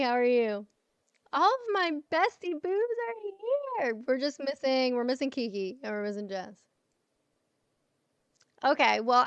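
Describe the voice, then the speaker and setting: A woman's voice: on the high side, vocal fry, fairly bright tone, clean tone, dry recording, highs cut off. A tired woman in her thirties chatting casually to friends on a livestream, affectionate and swearing freely.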